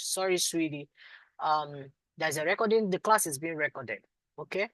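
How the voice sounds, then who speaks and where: A Nigerian woman with a lowish voice leads a live online class, calling her students sweetie and my love. She is warm toward them but firm that they must do their assignments. Her voice sounds dry and close, with no room echo. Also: moderate pace. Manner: firm, insistent teacher. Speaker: instructor.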